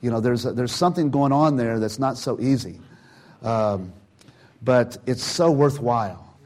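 A man's voice: medium pitch, a little slow. An older man giving an informal sermon, telling a personal story in a chatty way with many restarts and acted-out quotes. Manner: chatty and warm, acts out quotes, frequent "you know" and restarts. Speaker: church speaker telling a testimony.

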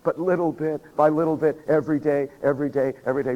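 Guy preaching, kinda high voice, getting hoarse, acts out prayers, long reverb off a big hall, dull lo-fi sound. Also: fast, hardly any pauses. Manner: animated, acts out prayers and quotes, laughs often. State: losing his voice. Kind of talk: sermon.

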